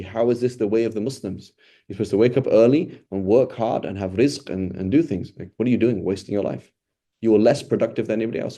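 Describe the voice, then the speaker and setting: A man's voice: lowish voice, dark tone. A man giving an informal Quran study talk as a religious teacher, speaking conversationally with rhetorical questions and a frequent "right?".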